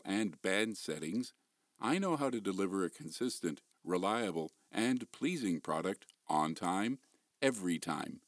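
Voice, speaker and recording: Recorded close on a studio mic with no echo, a male voice actor delivers a polished demo pitch showcasing his range of voices and accents.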